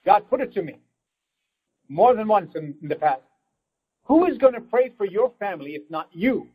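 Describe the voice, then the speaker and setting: A man's voice: high voice, expressive, normal speed, husky, phone-quality sound. A man preaching a fervent sermon as pastor, breaking into prayer addressed to God.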